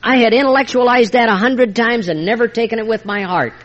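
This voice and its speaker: An older man sharing a heartfelt personal testimony at a recovery meeting, moving between hushed and emphatic delivery. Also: very high-pitched, fairly quick, highs cut off. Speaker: speaker sharing his recovery story.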